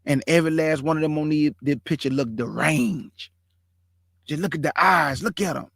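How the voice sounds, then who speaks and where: A man's voice: on the high side, moderate pace, creaky, fairly bright tone, no room sound, clean studio sound. A man hosting his own online show, commenting live to his viewers in an emphatic, repetitive way and stretching out words for effect.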